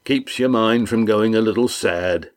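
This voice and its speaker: A man reading the part of a tough innkeeper, speaking in a calm, dry, teasing way. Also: fairly low pitch, measured pace, voice pushed up, natural voice. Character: tough, wry innkeeper, calm under threat.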